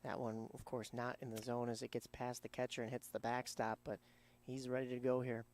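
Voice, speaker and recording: A man giving color commentary at a high school baseball game, relaxed and analytical. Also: brisk, slight background noise.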